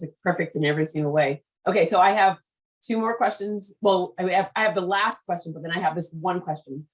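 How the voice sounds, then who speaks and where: A woman's voice: mid-range voice, low-quality recording. A Haitian American woman with an American accent, hosting an interview in an eager, gushing way, full of "like" and "I mean". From United States, Haitian American. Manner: enthusiastic, gushing, says "like" and "I mean" often. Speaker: podcast host. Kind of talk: casual interview chat.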